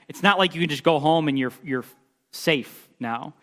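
A man preaching a sermon, emphatic, swinging between loud declarations and quiet asides as he reads scripture aloud. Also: on the high side, moderate pace. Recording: long hall reverb.

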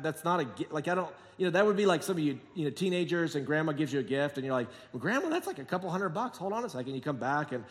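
A man preaching a sermon as pastor, telling jokey stories and acting out quotes, moving between quiet asides and emphatic points. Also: fairly high pitch. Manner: jokey, sarcastic storytelling with acted-out quotes. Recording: long hall reverb.

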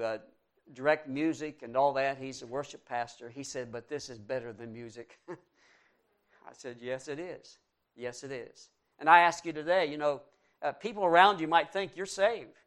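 A man's voice: on the high side, fairly bright tone. Earnest older male pastor preaching. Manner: earnest, repeats questions to the congregation. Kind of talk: sermon.

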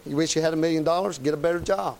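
A man's voice: a little high, fairly even intonation, very fast, vocal fry, a little mellow. A middle-aged man, preaching a folksy, plain-spoken, emphatic sermon. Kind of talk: conversational sermon.

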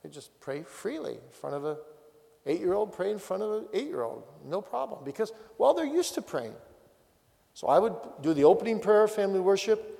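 Gravelly pastor in a reverberant hall. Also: male voice, high voice, big pitch swings, brisk, dark tone. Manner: direct practical exhortations. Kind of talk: teaching talk on family prayer.

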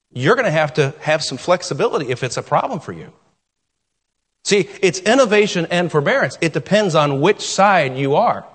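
Lively higher-voiced man preaching in a reverberant church. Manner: emphatic preaching, repeats key phrases. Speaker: pastor. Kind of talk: sermon. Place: church sanctuary. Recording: long reverb of a church hall.

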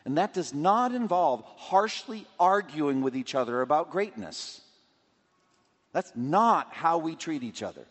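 Man, preacher, sermon, lively pitch, acts out quotes, long reverb. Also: unhurried. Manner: expository, acts out scripture quotes and scenarios.

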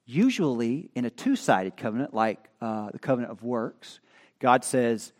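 A man preaching a sermon at a church, moving from quiet teaching to loud emphatic peaks, with chatty asides. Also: mid-range voice, sing-song, moderate pace. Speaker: pastor. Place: church sanctuary. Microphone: stand microphone.

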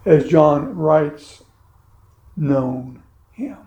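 Man, preacher, sermon, unhurried emphatic delivery, mellow tone, echoey room. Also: fairly high pitch, animated, muffled recording. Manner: slow, measured preaching with heavy pauses and emphatic phrasing.

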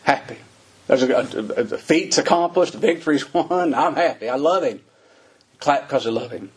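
A man's voice: mid-range voice, expressive, moderate pace, breathy edge. A middle-aged man preaching a sermon in a folksy, conversational way, asking his listeners rhetorical questions.

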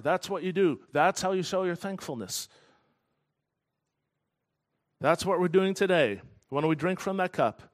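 A man preaching a sermon in an earnest, emphatic way, slowing down to stress key phrases. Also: on the high side. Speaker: pastor.

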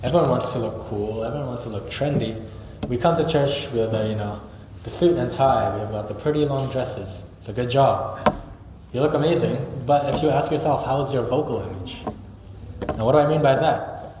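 At normal speed and in a mid-range voice, a young man preaches in a church hall with earnest, conversational warmth, sometimes demonstrating greetings. The audio has a dull, echoey hall quality with noise.

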